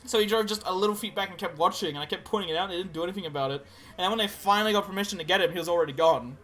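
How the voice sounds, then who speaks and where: A young man co-hosting a podcast, recounting game stories in a casual chat, swearing freely and acting out quotes loudly. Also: sits high, racing. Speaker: podcast co-host.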